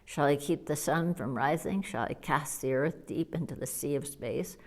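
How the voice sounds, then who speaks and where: A woman's voice: sits low, normal speed, a little mellow. A woman voicing a towering proud young demon. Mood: boastful. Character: immense young male demon, proud and fierce. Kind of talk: audiobook character voice.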